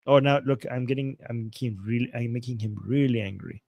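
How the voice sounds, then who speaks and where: A man's voice: mid-range voice, a little fast, creaky, darkish tone, no room sound, studio quality. A man hosting a casual political livestream, talking in a sarcastic, mocking way and swearing freely.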